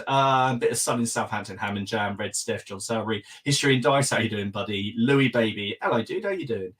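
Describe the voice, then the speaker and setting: A man hosting a live podcast, running through viewers' names with quick friendly asides. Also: fairly low pitch, lively intonation, fairly bright tone. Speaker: podcast host. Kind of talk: live-stream chat greeting viewers.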